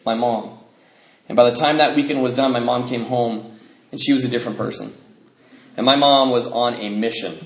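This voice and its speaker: A man giving a personal testimony to a live group, telling his story loosely with many fillers and laughing through the darker parts. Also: medium pitch. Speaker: speaker sharing his recovery story. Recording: echoey room, faint background noise.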